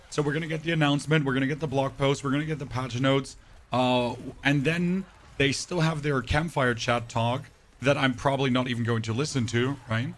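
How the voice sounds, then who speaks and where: Man with a temporarily deep, rough voice. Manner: banters with chat, reads messages aloud, sarcastic asides. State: voice temporarily deeper and rougher than usual. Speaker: game streamer. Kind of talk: casual livestream chat.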